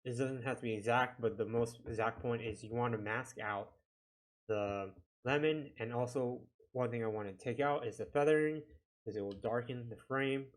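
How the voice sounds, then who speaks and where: A man giving a casual software tutorial, talking himself through each click with a chatty, self-deprecating manner. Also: medium pitch, moderate pace. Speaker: video editing instructor.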